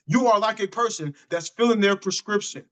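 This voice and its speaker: High, bright-voiced man giving a pep talk. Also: a little fast, poor audio. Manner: repetitive, emphatic, restarts phrases. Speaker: business motivational speaker. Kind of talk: motivational talk to a group.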